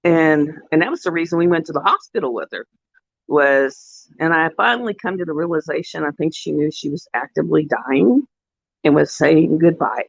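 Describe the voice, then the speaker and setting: A woman's voice: lively intonation, moderate pace, gravelly, slightly rough, dry recording, lo-fi sound. Rambling woman in her fifties. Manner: rambling storyteller, voice leaping high when quoting people. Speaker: vlogger. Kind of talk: casual chat to viewers.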